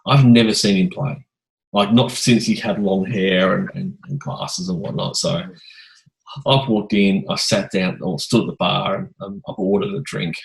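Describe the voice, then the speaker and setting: A podcast host with a fairly low voice. He rambles through anecdotes in a relaxed, chatty interview, full of restarts and lively asides. It sounds like easygoing conversation between fellow drummers. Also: moderate pace, gravelly, low-quality recording. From Australia. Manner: rambling anecdotal storyteller, animated. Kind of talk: casual interview chat.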